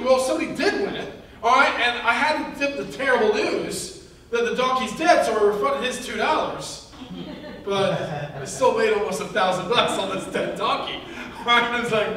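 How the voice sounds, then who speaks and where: A male pastor with a high, fairly bright voice gives a casual sermon in a church hall, speaking fairly quickly. He rambles conversationally with fillers and restarts and chuckles while telling a joke. The recording catches the echoey hall from a distance, with faint noise.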